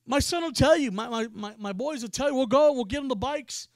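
A man preaching, telling a story in an animated way and acting out the people in it. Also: very high voice, a little fast, no echo. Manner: animated storyteller, acts out quoted voices. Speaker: pastor. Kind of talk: sermon storytelling.

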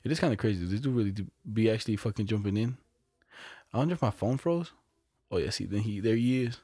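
Ein junger Mann im lockeren Gespräch, der entspannt Geschichten erzählt, oft flucht und lacht. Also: male voice, fairly low pitch, fast talker, dark tone, husky, dry recording, studio quality. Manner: laid-back storytelling, swears, laughs often. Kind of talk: casual chat.

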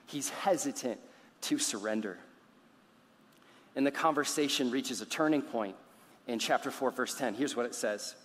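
A man's voice: medium pitch, normal speed, pauses often, a bit bright, big-room sound. A man preaching a sermon, telling a story dramatically and acting out its characters. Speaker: pastor.

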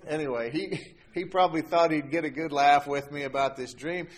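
A man's voice: fairly high pitch, fairly quick, few pauses. A middle-aged man telling a personal faith story in a casual way, laughing often as he goes. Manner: animated storyteller who laughs as he tells it. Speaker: guest telling a faith testimony. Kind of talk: casual spoken testimony.

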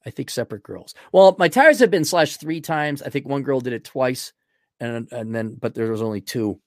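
A man hosting a podcast, reading out donor messages and answering them in blunt, crude, rambling talk that swings from loud outbursts to low muttering. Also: normal speed, dry recording, studio quality. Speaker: podcast host. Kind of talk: livestream donation reading.

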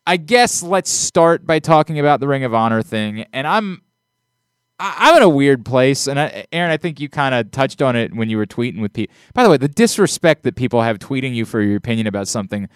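A man's voice: mid-range voice, lively intonation, a little fast, clear, resonant tone, no echo, studio quality. A man hosting a podcast in casual chat, rambling and exasperated, often restarting his sentences. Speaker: podcast host.

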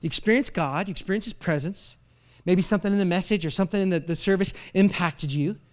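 A man with a notably high voice delivers a sermon to a church congregation. He acts out the doubts of his listeners, sinking to near-whispers and then breaking into loud, emphatic lines. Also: fast. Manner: dramatic, swings from hushed whispers to loud emphatic outbursts. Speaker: pastor. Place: church service before a live congregation.

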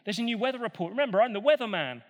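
A man's voice: sits high, lively intonation, very fast. A man lightly voicing a bold, defiant male prophet who speaks with confidence and a teasing edge. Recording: long hall reverb.

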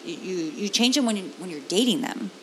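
Animated young woman co-hosting a podcast. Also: mid-range voice, fast talker, a little hiss or hum. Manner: animated, rambling, lots of "like". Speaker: podcast co-host. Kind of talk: casual chat.

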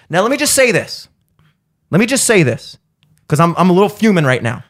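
A man with a notably high voice for a man rants through a story on a podcast. He is heated and profane, mocking the people in his story as he goes. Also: sing-song, brisk, pauses often, a bit bright. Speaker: podcast host.

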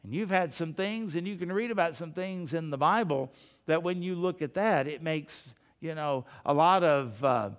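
Male preacher, high voice, smooth and resonant, conversational sermon, rhetorical questions, long hall reverb. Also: normal speed. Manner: addresses the congregation directly as folks.

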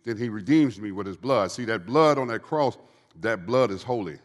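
In a big hall with a long echo, a man in his fifties gives a preaching testimony before a live crowd. Talking at a normal speed with lively intonation, he recounts his story softly at first, then rises to urge the audience on with fervor.

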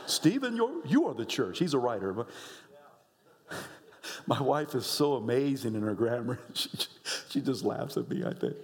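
A middle-aged male pastor preaching a sermon, swinging from low, quiet lines up to high shouts. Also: very animated, normal speed, long pauses, big-room sound. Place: church sanctuary.

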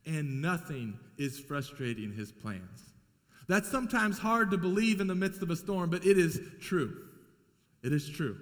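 A man preaching a sermon as pastor, emphatic and repeating key lines for weight. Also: high-pitched. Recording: long hall reverb.

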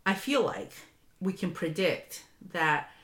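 A woman hosting a casual podcast, recapping a reality show with a chatty, animated manner. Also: on the low side, takes it slowly. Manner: chatty, animated retelling with laughs. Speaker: podcast host.

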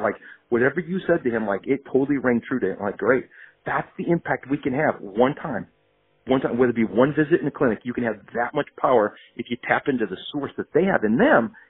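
A fast-talking man with a husky edge tells emphatic, energetic stories and acts out bits of dialogue. His voice comes through a thin, phone-like remote call line. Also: medium pitch. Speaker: guest, doctor and motivational speaker. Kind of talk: casual podcast interview.

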